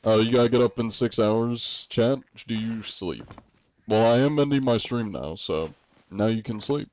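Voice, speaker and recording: A man's voice: lowish voice, moderate pace, a little mellow. An American man streaming, chatting casually with viewers in a rambling way, with laughs and many fillers. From United States.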